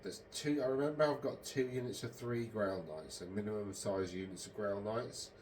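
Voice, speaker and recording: A man's voice: lowish voice, moderate pace, darkish tone, slight background noise. A man hosting a casual, meandering monologue, hesitant and full of ums and self-corrections. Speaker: podcast host.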